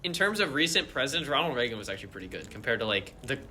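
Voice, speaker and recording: A man's voice: medium pitch, very animated, racing, bright, forceful tone, a little hiss or hum. A man co-hosting a podcast in casual chat with friends, joking, swearing and laughing often. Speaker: podcast co-host.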